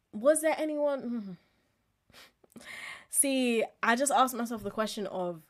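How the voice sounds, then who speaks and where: A woman, hosting a live-streamed podcast in a candid, chatty way and laughing often as she talks. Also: mid-range voice. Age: 20s. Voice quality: expressive, laughs often while talking. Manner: candid, chatty, swings between loud and quiet. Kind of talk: casual live-stream chat.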